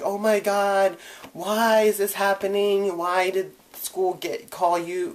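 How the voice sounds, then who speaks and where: A young vlogger candidly and casually tells the story of his own coming out. When quoting others, he acts them out with sudden leaps in pitch and volume.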